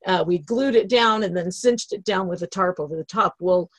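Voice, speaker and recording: A woman's voice: mid-range voice, moderate pace, no room sound. A middle-aged woman giving a personal motivational talk, telling her story with emotion and laughter. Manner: emotional, laughing, animated retelling. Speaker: motivational speaker. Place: lives in a travel trailer in Idaho.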